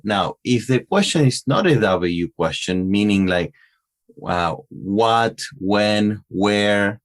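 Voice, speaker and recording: Argentine-accented man, low voice, halting. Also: expressive. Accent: Argentine Spanish. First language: Spanish. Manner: halting, many fillers and restarts. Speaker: podcast co-host. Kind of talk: casual chat.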